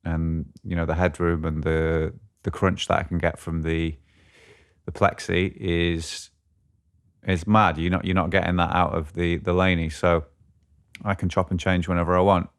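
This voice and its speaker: A man's voice: low-pitched, flat delivery, moderate pace. A man co-hosting a podcast, chatting casually about guitar gear and often thinking aloud as he searches for words. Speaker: podcast co-host.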